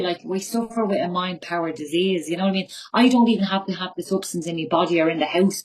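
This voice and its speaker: Woman, forties, Tipperary Irish accent, low voice, emotional, blunt, swears, recovery share. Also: low-quality recording. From Ireland. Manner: raw, candid, emotional, swears freely. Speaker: recovery meeting speaker. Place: her bedroom at home.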